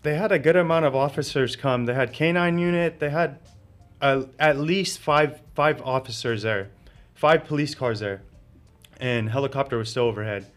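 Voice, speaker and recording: A man's voice: medium pitch, moderate pace. Man telling a story with frequent laughs. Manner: laughs often while telling his story, many fillers. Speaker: interview guest. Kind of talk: casual storytelling.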